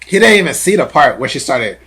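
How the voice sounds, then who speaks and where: A man's voice: a little high, big pitch swings, fast, a bit bright, breathy edge. A man hosting a podcast, telling stories animatedly in casual chat with lots of filler words. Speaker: podcast host.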